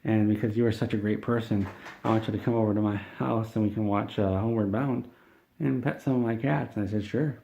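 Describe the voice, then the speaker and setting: A man telling a rambling, deadpan comedic story, meandering and halting with frequent restarts. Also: fairly low pitch, vocal fry, slight background noise.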